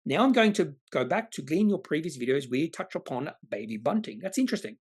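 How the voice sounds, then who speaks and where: A man's voice: on the high side, big pitch swings, quick pace, husky. A man, hosting an investing channel and answering viewer comments in a rambling, opinionated way. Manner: rambling, opinionated, self-correcting.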